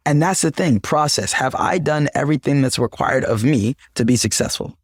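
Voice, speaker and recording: A man's voice: medium pitch, fast, few pauses, darkish tone, no room sound, clean studio sound. A man guest on a podcast, preaching sales process with emphatic motivational sayings. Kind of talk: podcast conversation.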